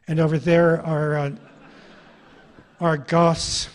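A middle-aged man lectures to an audience in a wry, ironic storytelling manner. His voice sits a bit higher than most men's. He is an author spinning anecdotes for a crowd. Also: little pitch movement, a little slow. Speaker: author giving a talk.

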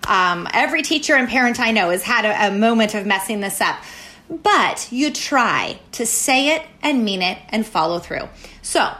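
A woman giving parenting advice as a guest, speaking with energy and emphasis. Her voice sits a little high, and she comes back again and again to a short catchphrase. She sounds like an experienced educator coaching parents. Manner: energetic, emphatic, repeats key phrases. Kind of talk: advice talk.

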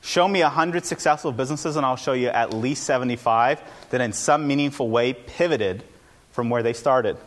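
A man giving an informal, energetic talk to a live audience as an entrepreneur, with punchy lines and self-deprecating asides. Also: mid-range voice, moderate pace.

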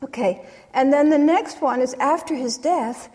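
Woman lecturer, higher register, calm academic storytelling in a reverberant hall. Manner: measured, retelling stories with pauses. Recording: long reverb of a large hall.

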